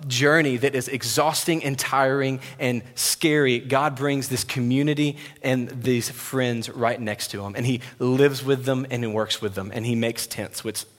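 A man's voice: medium pitch, steady tone, unhurried, hardly any pauses. A man preaching a sermon, conversational and emphatic as he retells scripture. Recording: long reverb of a large hall.

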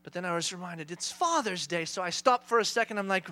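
Male pastor, thirties, animated self-mocking sermon storyteller; high, bright voice. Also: fast talker. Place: church.

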